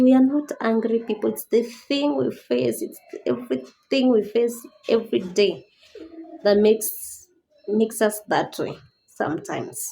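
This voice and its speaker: A woman's voice: fairly high pitch, creaky, warm tone, slight background noise, poor audio. A woman giving a personal awareness talk as a disability advocate, earnest and pleading, rising to indignant questions.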